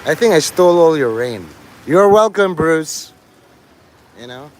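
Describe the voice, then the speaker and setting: A man's voice: a little high, animated, a little slow, a little mellow, slight background noise, low-quality recording. A man rambling through a profane live stream monologue outdoors, with faint rain behind him. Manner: profane, meandering, full of fillers. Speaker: livestreamer.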